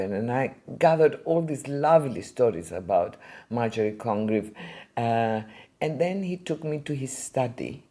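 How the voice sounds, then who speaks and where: Older woman, collector recounting anecdotes in an interview; husky, mellow voice, lively storyteller. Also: a bass voice. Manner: animated, vivid storyteller. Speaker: art collector and museum founder.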